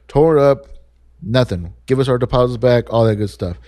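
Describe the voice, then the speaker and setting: A young man hosting a podcast, telling a story in a casual, profane, animated way and acting out the people he quotes. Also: mid-range voice, normal speed, no echo, studio quality. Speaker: podcast host.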